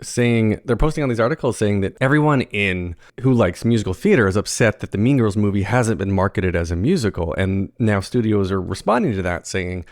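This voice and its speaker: A man from the American South hosting a casual podcast chat, relaxed and often restarting his sentences. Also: lowish voice, dry recording, clean studio sound. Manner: casual, stumbling restarts, quick laughs. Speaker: podcast host.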